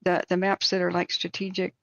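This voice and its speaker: A woman with a fairly low voice hosts a live stream and tells meandering stories full of ums and restarts. The sound is dry and close, with a dull, lo-fi edge. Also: brisk, creaky, dry recording. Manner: rambling, animated anecdotes with many fillers. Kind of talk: casual chat and storytelling.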